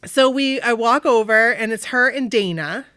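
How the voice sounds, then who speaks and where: A rather high-voiced woman tells a long story in casual podcast chat, jumping into bright, lively voices for everyone she quotes. She comes from Maine, and her voice sits close and dry with no room around it. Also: normal speed, clear, resonant tone, dry recording. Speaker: podcast co-host.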